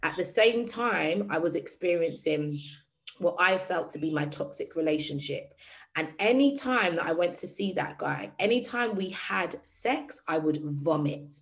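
A woman's voice: on the low side, expressive, a little slow, rough recording. A woman hosting a group session, speaking candidly and addressing the group directly in casual talk. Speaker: workshop host.

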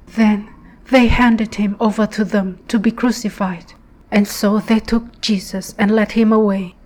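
A woman leading a prayer, reading scripture aloud in a hushed, reverent devotional manner. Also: medium pitch, fairly even intonation, unhurried, rough recording. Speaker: prayer leader.

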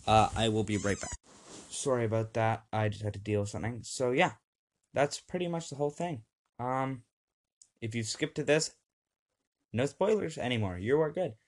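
A man's voice: medium pitch, moderate pace, long pauses. A young man hosting a casual home podcast, upbeat and rambling, with many fillers, reading lists off a screen. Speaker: podcast host.

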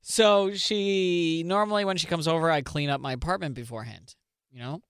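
Young guy on a podcast, kinda high smooth voice, dry close mic, jokey and swears a lot. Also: normal speed, fairly bright tone, no room sound. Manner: joking, swears freely. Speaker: podcast co-host. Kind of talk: casual chat.

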